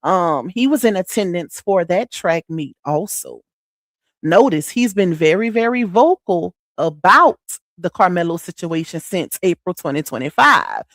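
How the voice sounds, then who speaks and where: A woman's voice: fairly low pitch, animated, measured pace, no room sound, clean studio sound. Chatty woman hosting a livestream. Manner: chatty, slangy, speaks straight to the chat. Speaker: livestream commentary host. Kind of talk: casual livestream commentary.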